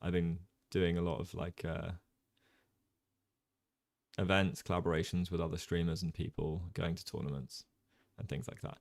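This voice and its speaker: Man from Jersey, chess livestream host, low voice, chatty and relaxed, filler-heavy, dry sound. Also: moderate pace, vocal fry, no echo. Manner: relaxed, chatty, many ums, reads chat aloud. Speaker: chess streamer and commentator. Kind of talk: casual livestream commentary.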